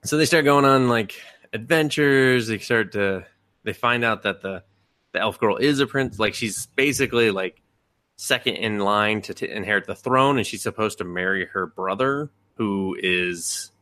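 A man's voice: on the low side, moderate pace, pushed and bright, no echo. A man hosting a podcast, recapping a show in rambling casual chat full of fillers and swearing. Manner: rambling, filler-heavy and profane. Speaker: podcast host.

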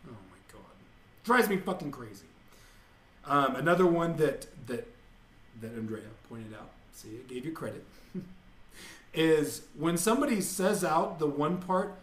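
A man's voice: fairly high pitch, lively intonation, measured pace, fairly bright tone. A man hosting a podcast at home, ranting in a casual, profane and exasperated way. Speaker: podcast host. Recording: echoey room.

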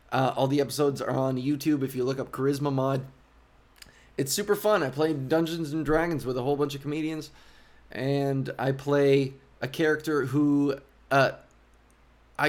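A male comedian hosting a podcast alone, talking in a casual, rambling monologue, interrupting himself and swearing. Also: a little high. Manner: rambling, self-interrupting, profane.

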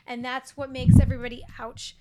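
A woman co-hosting a casual podcast chat, chatty and quick to laugh. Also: sits high, flat delivery, noisy background. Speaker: podcast co-host. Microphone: headphones and studio mic.

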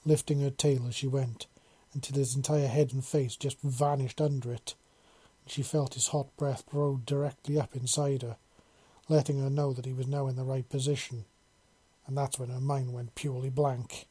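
A man narrating a fantasy story in a measured, unhurried way. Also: mid-range voice, level tone, warm tone, breathy edge.

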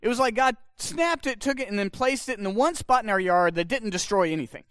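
A man in his thirties preaches in a chatty storytelling way, his voice high and very expressive. He acts out the dialogue he quotes. The recording is dry with no room sound. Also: fairly quick, smooth, dry recording. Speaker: pastor. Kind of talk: sermon with storytelling.

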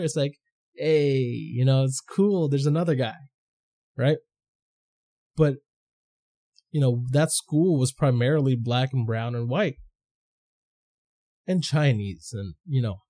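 Brief: young male podcast host from the Philippines, swears freely, mellow warm tone, animated. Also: medium pitch. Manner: profane, animated storytelling with quoted voices. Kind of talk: casual chat.

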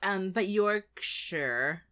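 An American woman co-hosting a podcast in casual chat, teasing and quick to laugh. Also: medium pitch, expressive, sharp tone. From United States. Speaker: podcast co-host.

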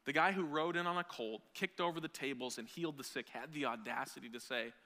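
A man preaching a sermon as pastor, animated, with jokey asides and acted-out scenes. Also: mid-range voice, fast, hardly any pauses. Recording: long hall reverb.

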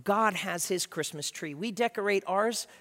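A male pastor preaching a sermon, passionate and swinging from quiet to loud. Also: high-pitched, moderate pace, big-room sound. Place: church sanctuary.

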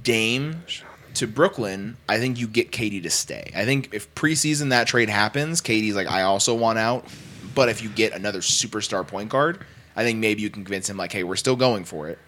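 A young man in casual sports talk, arguing his opinions in quick runs full of "like". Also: on the low side, fairly bright tone, slight background noise. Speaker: podcast co-host.

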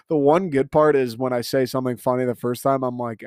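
This podcast host is a man in his twenties with the hiccups, running a casual solo show full of rambling, sarcasm and jokes at his own expense. His mid-range voice is expressive and moves at a normal speed. There's no echo, and the sound is studio quality.

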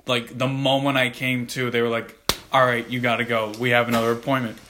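A man's voice: medium pitch, flat delivery, a little fast, background noise. A young man in casual chat, laid-back and swearing a lot, laughing at his own story.

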